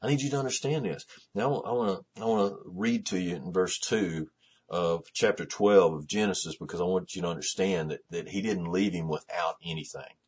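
A man preaches in a loose, conversational style, circling back through restarts and "you know"s before swelling into fervent emphasis. His voice sits low and has a husky, slightly rough edge. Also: moderate pace. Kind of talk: sermon.

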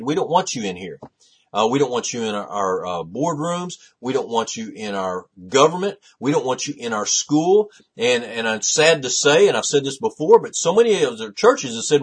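A man in middle age delivers a sermon from the pulpit. His voice carries a husky, slightly breathy grain at a mid pitch. He drives his points home with repeated rhetorical questions. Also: expressive, normal speed. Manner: preaching with rising intensity and rhetorical questions. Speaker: pastor.

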